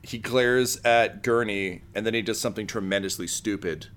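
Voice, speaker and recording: A man narrating as game master of a tabletop game, halting and full of fillers. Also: on the low side, steady tone, fairly bright tone. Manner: halting, full of ums and uhs.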